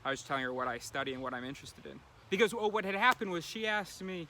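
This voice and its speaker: A man's voice: a little high, expressive, fast, bright, forceful tone, a little hiss or hum. A man recording a casual daily video diary, rambling and thinking aloud with lots of fillers. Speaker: vlogger.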